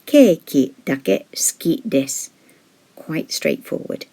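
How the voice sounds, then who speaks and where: Low, gravelly woman teaching a lesson. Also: animated, darkish tone. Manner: measured, explanatory, slows down to model example words. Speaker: language teacher. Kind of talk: scripted lesson narration.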